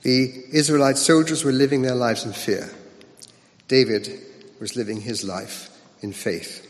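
A man's voice: mid-range voice, steady tone, measured pace. Man preaching in a reverberant hall. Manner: conversational, asks the listeners rhetorical questions. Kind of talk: sermon.

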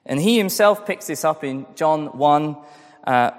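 A man's voice: a little high, unhurried, long reverb tail. A man preaching a sermon, earnest and repeating key phrases for emphasis. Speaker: pastor.

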